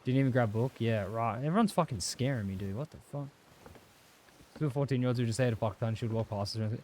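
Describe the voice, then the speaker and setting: A man's voice: medium pitch, steady tone, fast, a little mellow, slight background noise. A young Australian man chatting casually and rambling while he streams a game, swearing freely and answering chat. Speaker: livestreamer.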